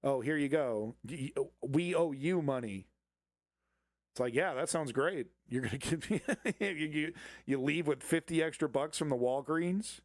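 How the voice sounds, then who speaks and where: A man's voice: a little high, unhurried, no echo. A man hosting a live political commentary show, talking casually and sarcastically, rambling with restarts and frequent laughs.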